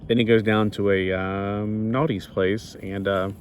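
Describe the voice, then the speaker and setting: Man, lower register, casual rambling reviewer, loses his thread and self-corrects; light wind hiss outdoors. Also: little pitch movement, measured pace. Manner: meandering, loses his place and corrects himself. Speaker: comic book reviewer. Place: outdoors near the beach. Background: faint wind.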